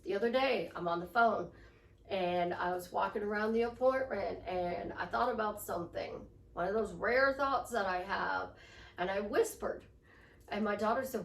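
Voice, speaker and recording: A woman's voice: mid-range voice, normal speed, vocal fry. A woman life coach giving a casual motivational talk, chatty and storytelling, repeating affirmations. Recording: echoey room from far off.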